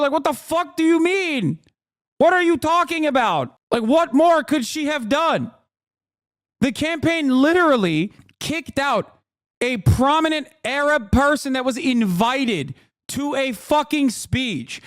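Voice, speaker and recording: Male streamer, very high voice, dry close sound, venting in a swearing, exasperated rant. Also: big pitch swings, measured pace, a bit bright, dry recording. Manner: exasperated, profane ranting. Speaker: political streamer. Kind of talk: live reaction commentary.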